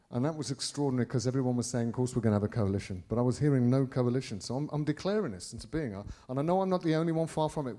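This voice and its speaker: A middle-aged Englishman telling a story to his congregation as a preacher. He rambles and restarts often, dropping to a near-mumble and then surging loud without warning. His voice sits in an ordinary middle pitch for a man. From England. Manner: rambling, with many restarts and swings in loudness.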